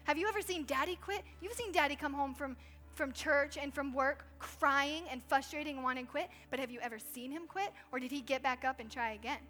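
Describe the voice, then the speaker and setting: A woman's voice: sits high, brisk, a bit bright, faint music behind. A woman in her thirties giving a conversational sermon in church, telling stories in a chatty way with lots of "like". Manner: chatty storytelling with frequent "like". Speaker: pastor's wife preaching. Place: church stage.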